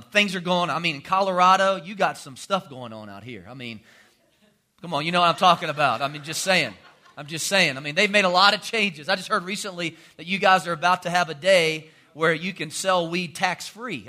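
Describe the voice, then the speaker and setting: A man's voice: high voice, a little fast, bright, forceful tone. A man, preaching a sermon as a pastor in a folksy, joking storytelling way. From North Carolina. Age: 40s.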